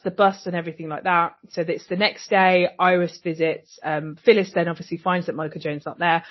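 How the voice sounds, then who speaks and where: A woman co-hosting a casual recap podcast, animated and swearing freely as she acts out characters' lines. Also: fairly low pitch. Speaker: podcast co-host. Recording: dull lo-fi sound.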